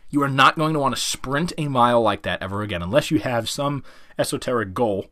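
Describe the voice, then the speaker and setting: A middle-aged man, a dog trainer, explaining his method in an animated, coaxing podcast talk that keeps checking in with the listener. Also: mid-range voice.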